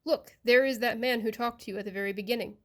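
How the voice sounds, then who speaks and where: A woman's voice: a little high, fast talker, lightly acted. Woman doing a fretful little crab creature, pleading, slightly raised voice, storybook reading. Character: anxious boastful male crab creature.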